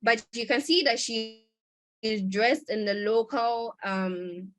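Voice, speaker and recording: A woman's voice: a little high, slow pace, fairly bright tone. A woman presenting a conference lecture over a video call, talking in a conversational way with fillers and restarts.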